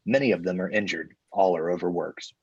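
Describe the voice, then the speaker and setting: A man reading the stage directions deadpan in a live comedy table read. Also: deep voice, a little fast, slightly rough, highs cut off.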